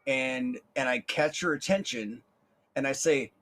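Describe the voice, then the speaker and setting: A man's voice: mid-range voice, measured pace, fairly bright tone. A young man hosting a podcast, telling a rambling story with casual swearing and a lot of repeated words. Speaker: podcast host.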